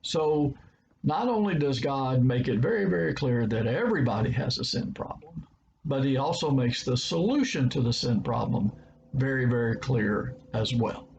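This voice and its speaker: A Southern American man preaching in an earnest, plain way, doubling his words for emphasis. His voice sits at an ordinary middle pitch. The recording is a little dull and muffled, with a faint hiss underneath. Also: expressive, moderate pace, gravelly, darkish tone. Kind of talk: short recorded devotional talk.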